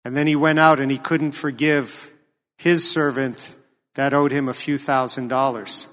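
A man preaching a sermon, earnest and questioning, with a slow, emphatic delivery. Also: medium pitch, steady tone, fairly bright tone. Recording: long hall reverb.

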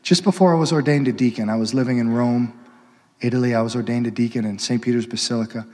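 Impassioned priest preaching in a reverberant hall. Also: male voice, mid-range voice, fairly even intonation, fast. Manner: impassioned, swinging from loud urgent build-ups to hushed intimate pleading. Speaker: Catholic priest. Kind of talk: sermon.

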